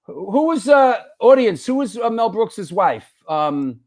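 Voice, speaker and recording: A man's voice: high voice, takes it slowly. A middle-aged man hosting a casual chat show, swapping anecdotes in a chatty way. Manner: chatty anecdote teller, lively. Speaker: host.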